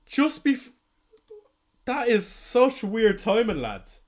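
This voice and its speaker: A young Irish man hosting a fantasy football livestream, talking casually and excitably, swearing and laughing often. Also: very high-pitched, slow.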